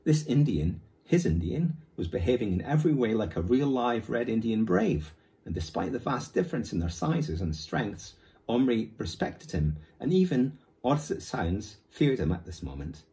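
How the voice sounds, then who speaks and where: A male primary school teacher reading a children's novel aloud in a lively, expressive way. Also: mid-range voice, moderate pace.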